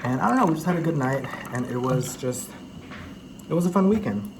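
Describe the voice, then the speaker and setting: A man's voice: a little high, expressive, fairly quick, background noise. A young man chatting casually to camera while eating at home, swearing, laughing at himself and now and then a little out of breath. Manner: chatty, swearing, self-mocking, laughs often. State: slightly out of breath. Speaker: vlogger. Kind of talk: casual mukbang vlog chat. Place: home apartment, indoors. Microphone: camera set in front.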